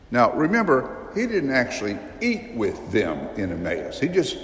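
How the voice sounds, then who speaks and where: A man preaching a sermon, telling a story vividly with emphatic rises and dramatic pauses. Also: medium pitch, huge pitch swings. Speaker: priest. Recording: long reverb of a large church.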